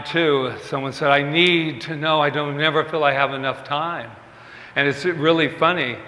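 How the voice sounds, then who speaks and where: A male minister preaches in a loose, conversational way, joking at his own expense and slipping into quoted back-and-forth. His voice is bright and slightly high. The sanctuary adds a long, ringing reverb. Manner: chatty, self-mocking, acts out quoted dialogue. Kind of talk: conversational sermon. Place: church sanctuary.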